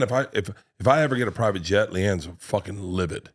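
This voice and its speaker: A man in his fifties with a fairly low voice, spinning rowdy stories on a podcast. He jumps into the scenes he tells and acts them out, and his voice shoots up or drops off as he plays each part. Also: a little fast. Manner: animated storyteller, acts out scenes. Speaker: comedian guest. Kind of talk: casual podcast chat.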